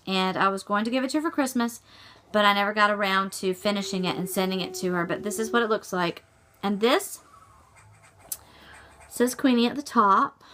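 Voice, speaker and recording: A woman's voice: mid-range voice, moderate pace, bright, forceful tone, slight background noise. A middle-aged woman, chatting casually on her cross-stitch vlog and often rambling and correcting herself. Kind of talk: casual chat.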